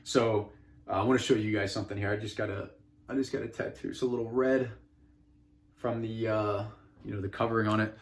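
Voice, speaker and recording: A man's voice: fairly low pitch, steady tone, fairly quick. A man talking casually and earnestly to his phone camera from his home office, often repeating words and restarting his sentences. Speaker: self-help vlogger. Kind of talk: casual motivational monologue.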